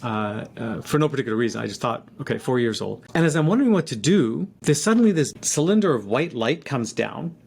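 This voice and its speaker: Man, fifties, personal storytelling, reflective, halting, restarts, mid pitch. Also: animated, vocal fry, darkish tone.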